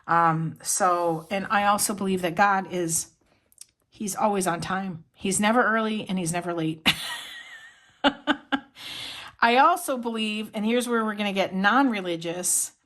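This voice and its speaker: A middle-aged woman talks through her planners in a casual, rambling vlog. She is earnest and heartfelt and fills her sentences with ums. Her voice sits at an ordinary middle pitch. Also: measured pace, long pauses, a bit bright. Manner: heartfelt, rambling with many fillers. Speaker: planner vlogger. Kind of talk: casual show-and-tell chat.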